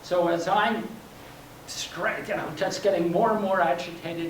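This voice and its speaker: An older man performs a personal story for a live audience in a library workshop room, his voice slightly high and fairly even in intonation at a moderate pace. He's wry and self-deprecating, laughing at his own punchlines, and is picked up far from the mic across a roomy hall with a faint hum.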